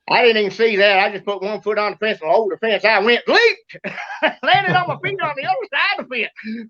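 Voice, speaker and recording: A man with a Kentucky Southern accent telling a story as host, excitable and drawling, acting out sounds and shouts. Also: very high-pitched, lo-fi sound. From Kentucky, USA. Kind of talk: animated storytelling.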